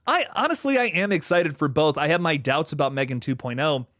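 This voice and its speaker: A man's voice: a little high, a little fast, no room sound, clean studio sound. A man hosting a casual livestream, reading viewer comments, rambling with frequent swearing and laughter. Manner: animated, rambling, swears freely, laughs often. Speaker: livestream host.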